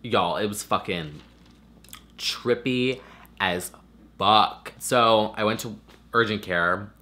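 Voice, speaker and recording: A young man with a nasal voice tells stories in a loose, casual ramble, swearing freely and leaning on filler words. His voice sits a little low but sounds bright and forward. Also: slow. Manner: chatty, swears a lot, many "like" fillers. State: recovering from a swollen throat. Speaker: vlogger. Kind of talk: casual chat.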